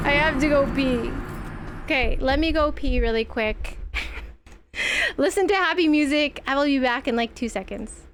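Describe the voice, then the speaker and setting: Young female streamer, casual scattered chatter; bright, bouncy pitch with a lot of movement. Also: lively intonation, measured pace, pauses often, very noisy. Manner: chatty, scattered, playful reactions to the game. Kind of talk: casual live gameplay chatter. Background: loud background music.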